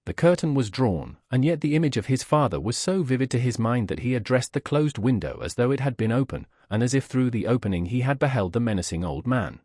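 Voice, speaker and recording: A man narrating a classic novel as an audiobook, with a measured, expressive reading. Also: mid-range voice, no room sound, clean studio sound.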